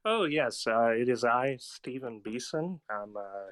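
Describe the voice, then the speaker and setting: A man's voice: medium pitch, animated, a little slow, fairly bright tone, clear, resonant tone, no room sound. Rambling man, podcast guest. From Arkansas, United States. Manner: rambling, filler-heavy, laughs easily. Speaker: guest filmmaker. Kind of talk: casual podcast chat.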